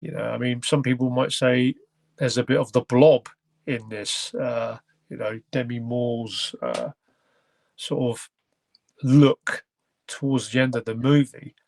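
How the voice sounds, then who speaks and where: A man's voice: medium pitch, fairly even intonation, measured pace, creaky, darkish tone, dry recording. Rambling man reviewing a film. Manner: rambling, hesitant, stops to search for words. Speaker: podcast host. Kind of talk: casual film review chat.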